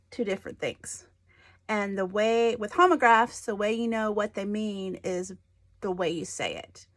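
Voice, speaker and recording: A woman teacher explaining a spelling lesson to children, stressing words slowly and deliberately. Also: medium pitch, a bit bright, no room sound, studio quality.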